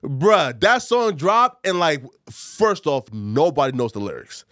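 Podcast host, New man, lively swinging pitch, dry close mic, chatty and animated. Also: a little slow, no echo. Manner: animated, lots of filler words, playful put-on accents. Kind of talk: casual chat.

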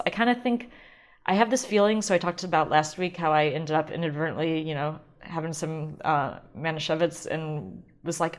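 A female podcast host, low-pitched and moderately paced, rambles through her casual solo episode. She chats freely, interrupts herself to begin again, and laughs and says um a lot.

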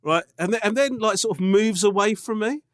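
A man, a podcast co-host, telling an anecdote in casual chat, animated and swearing, checking in with "right?". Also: high voice, a little fast, no echo, studio quality.

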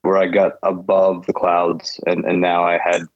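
A man's voice: deep voice, monotone, a little slow, no echo, muffled recording. A man, a guest pilot, telling his story in a loose, casual way, repeating phrases and laughing now and then.

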